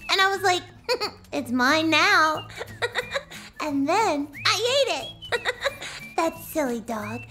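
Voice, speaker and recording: A woman's voice: very high-pitched, very animated, very slow, sharp tone, full character voice. Chaka, a woman voicing a chatty little girl dog. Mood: gossipy. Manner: musing, talks to herself, easily startled. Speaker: lead in a comedy web series. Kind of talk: comedic voice-over. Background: music.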